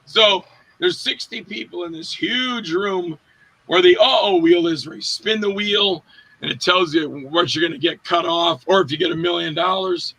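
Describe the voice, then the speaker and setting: A man with a high, gravelly voice tells a story in a casual interview. His tone is sharp and bright, with a husky, raspy edge as he acts out the other people in the tale. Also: moderate pace, low-quality recording. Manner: animated anecdote-telling, acts out quoted voices, laughs often. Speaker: actor, interview guest.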